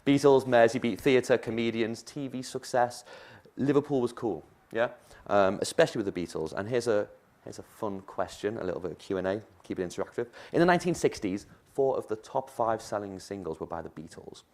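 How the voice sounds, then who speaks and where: A man's voice: lowish voice, fairly quick, a little mellow. A male university lecturer giving a keynote talk at a conference, conversational and chatty, with playful asides to the audience. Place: conference room.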